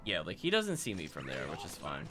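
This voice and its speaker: A man streaming a game, casually commenting and talking to his chat in a relaxed way. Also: deep voice, a little fast. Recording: game music behind.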